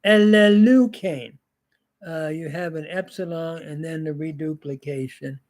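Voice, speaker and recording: An older man teaching a grammar lesson, drilling word forms slowly with pauses and fillers. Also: on the high side, little pitch movement, a little mellow. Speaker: Greek teacher.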